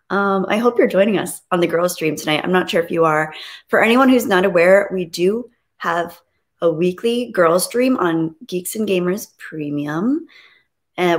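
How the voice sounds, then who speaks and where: Soft-spoken woman hosting a live stream. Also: mid-range voice. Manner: reads chat messages aloud and greets viewers; soft, reflective and hesitant when talking about grief. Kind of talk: casual live-stream chat.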